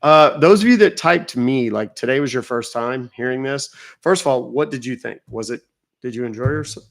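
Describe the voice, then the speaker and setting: A man's voice: medium pitch, moderate pace, vocal fry. A man from North Texas, hosting a casual livestream, chatting with viewers and playing dumb with a phone caller. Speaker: livestream host baiting phone scammers.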